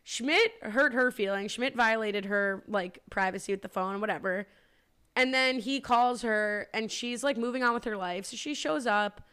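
A woman's voice: on the high side, moderate pace, a bit bright, clean tone. A woman hosting a podcast in casual chat, leading the talk and reading out listener questions. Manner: chatty, leads the discussion, reads listener questions. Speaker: podcast host.

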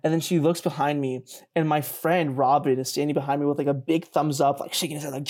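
A young man telling a story in a casual podcast chat. He mocks himself, laughs often and jumps up in pitch when he gets excited. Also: quick pace, few pauses. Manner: animated, self-mocking, laughs often and jumps higher in pitch. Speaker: podcast co-host.

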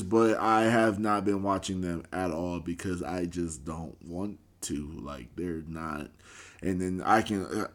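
Laid-back, rambling podcast guy. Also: medium pitch. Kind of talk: casual podcast chat.

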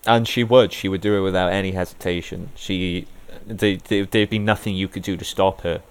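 A man's voice: low-pitched, steady tone, normal speed, smooth. A man co-hosting a casual podcast, rambling enthusiastically with lots of "like"s. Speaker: podcast co-host. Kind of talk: casual chat.

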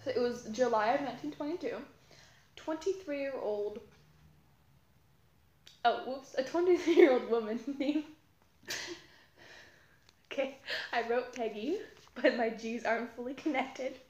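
A woman's voice: sits high, measured pace, long pauses, darkish tone, muffled recording. Giggly teen girl, roomy echo. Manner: giggly, rambling, self-interrupting. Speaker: podcast co-host. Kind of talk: casual chat, storytelling.

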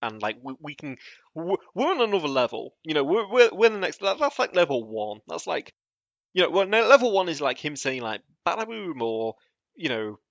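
A man's voice: a little high, very animated, a little fast, a bit bright, no echo, dull audio. A British man co-hosting a podcast in casual chat, often laughing and restarting his sentences. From Britain. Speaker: podcast co-host.

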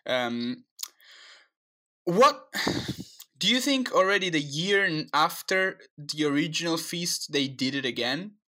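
A man's voice: a little high, expressive, takes it slowly, sharp tone, slight background noise. A man co-hosting a podcast in casual chat, curious and pressing with questions. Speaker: podcast co-host.

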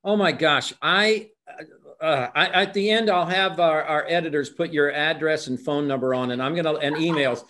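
A man hosts an interview. He speaks in an enthusiastic, affirming way, and his voice sits a little high. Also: normal speed, pushed and bright. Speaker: host. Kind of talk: interview hosting.

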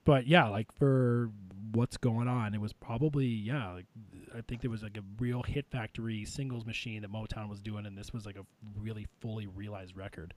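A man's voice: on the low side, fairly even intonation, normal speed, hardly any pauses, darkish tone. A man hosting a casual music podcast, talking in a rambling way with lots of fillers and easy laughter. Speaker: podcast host ranking albums. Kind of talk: casual chat.

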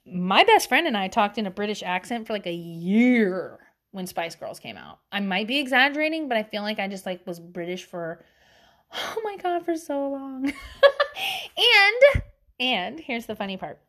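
A woman's voice: medium pitch, sing-song, normal speed, fairly bright tone. A woman in her thirties with a Southern US accent, telling stories in a rambling casual chat with lots of fillers and frequent laughter.

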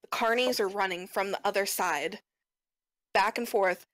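A woman running a tabletop role-playing game as game master, narrating events in a measured, descriptive way. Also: mid-range voice, fairly bright tone, dry recording.

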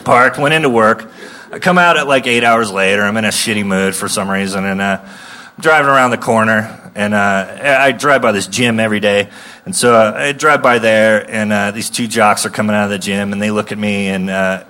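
A man in his thirties telling a profane stand-up comedy story in a rambling way, with sudden shouted outbursts. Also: lowish voice, brisk. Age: 30s.

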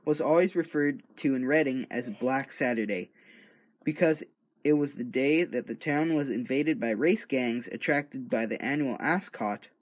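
In a home recording studio, a man with a medium-pitched voice reads a true-crime account aloud at an unhurried, casual pace. He often stumbles over words and corrects himself, and he rambles off into joking asides as a reader and commentator.

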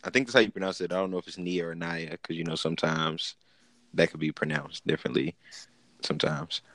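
A man's voice: sits low, steady tone, fairly quick, fairly bright tone, dry recording. A man co-hosting a podcast, talking in a slangy, laid-back way and laughing often. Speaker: podcast co-host. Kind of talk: casual chat.

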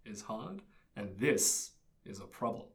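A man's voice: fairly low pitch, big pitch swings, unhurried, gravelly. A young man telling a story in casual chat, easygoing and laughing often. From Australia. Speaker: presenter.

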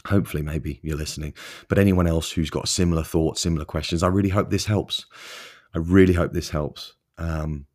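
Young man, very low voice, solo podcast host; loose, self-mocking, encouraging delivery. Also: steady tone, brisk, darkish tone. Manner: rambling, self-deprecating, encouraging. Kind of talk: solo motivational podcast talk.

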